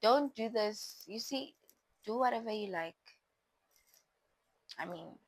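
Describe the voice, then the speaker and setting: A woman's voice: medium pitch, lively intonation, slow pace, husky, dry recording, low-quality recording. A young woman talks casually to her viewers, chatty and playful, often talking straight to them. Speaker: vlogger. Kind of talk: casual talk to camera about boundaries.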